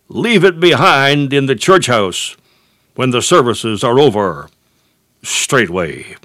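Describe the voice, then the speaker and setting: A man preaching a sermon, slow and emphatic, leaning hard on drawn-out words. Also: medium pitch, fairly bright tone, no echo, clean studio sound.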